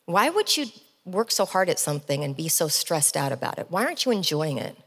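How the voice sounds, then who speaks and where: Middle-aged woman, lowish voice, animated keynote storyteller, echoey hall. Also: fairly quick, husky. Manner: lively, animated storyteller with comic asides. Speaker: keynote speaker. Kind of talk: motivational storytelling speech. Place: large event hall, on stage.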